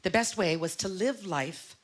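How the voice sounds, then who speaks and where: A middle-aged woman doing a stand-up comedy set on a club stage, with an animated, self-mocking delivery full of rhetorical questions. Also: lowish voice, a little slow. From Canada. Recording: live club recording, loud crowd laughter and noise.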